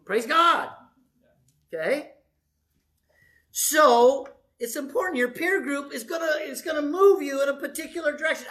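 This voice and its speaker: Man, pastor, sermon, animated, conversational, asks audience questions. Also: high voice, moderate pace.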